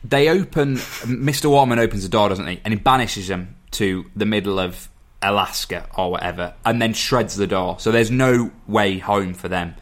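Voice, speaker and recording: A man's voice: lowish voice, moderate pace, hardly any pauses. A man in casual chat, recapping a film plot at length and stumbling over some words. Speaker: podcast co-host.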